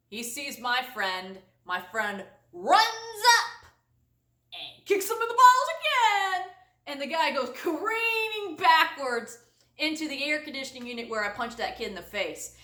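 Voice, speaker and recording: Animated woman telling a story. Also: on the high side, echoey room, far from the mic. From United States. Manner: exaggerated, animated, laughs often. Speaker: vlogger. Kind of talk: comic storytelling to camera.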